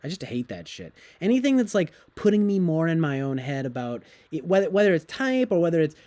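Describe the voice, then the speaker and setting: A man's voice: fairly high pitch, very animated, brisk, warm tone. Profane rambling young man on stream. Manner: profane, rambling, laughs often, mimics others. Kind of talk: casual rambling chat.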